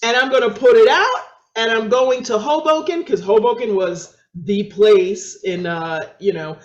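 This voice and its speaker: A woman with a New York accent, a guest on an interview show, telling her story with energy, acting out other people's voices and laughing often. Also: measured pace. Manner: acts out quoted voices with big pitch jumps, laughs often. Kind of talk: animated storytelling. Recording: echoey, dull lo-fi sound.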